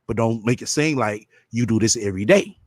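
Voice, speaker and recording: A man's voice: mid-range voice, a little fast, dry recording, clean studio sound. A man doing casual reaction commentary, talking bluntly and with profanity straight to his viewers. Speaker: commentary streamer.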